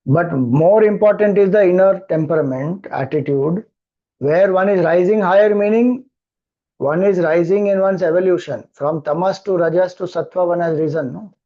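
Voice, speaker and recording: A man's voice: high voice, moderate pace, dull audio. A man with an Indian accent, a spiritual teacher explaining scripture, who keeps repeating verses and asking rhetorical questions. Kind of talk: scripture discourse.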